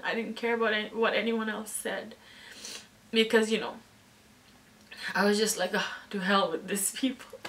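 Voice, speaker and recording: Candid woman vlogger, bright and a bit distant. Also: medium pitch. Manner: emotional, candid, halting. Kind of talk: personal storytime vlog.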